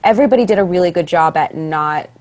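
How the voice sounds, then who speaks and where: Young woman, low-pitched voice, animated storyteller, acts out quotes. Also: fast talker. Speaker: podcast guest, stage actress. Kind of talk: casual interview storytelling.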